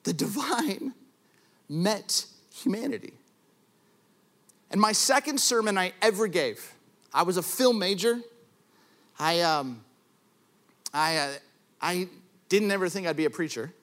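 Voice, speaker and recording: A man preaching a sermon as pastor, telling stories with self-deprecating humor and rising to shouts for emphasis. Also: high-pitched, unhurried, pauses often. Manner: animated storyteller, rises to shouting for emphasis.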